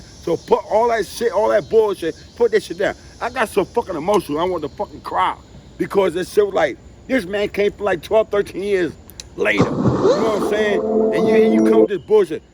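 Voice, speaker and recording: A man telling profane, animated street stories, who has been drinking. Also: high-pitched, creaky, a little hiss or hum. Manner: profane, animated street storytelling with sound effects. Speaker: interviewee. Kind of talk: casual storytelling.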